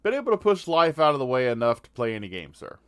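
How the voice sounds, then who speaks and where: A man's voice: medium pitch, very animated, fast, clear, resonant tone, no echo, clean studio sound. A man hosting a gaming podcast, playful and ribbing the panel. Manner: playful, drops to quiet mumbles. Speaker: podcast host. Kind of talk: casual chat.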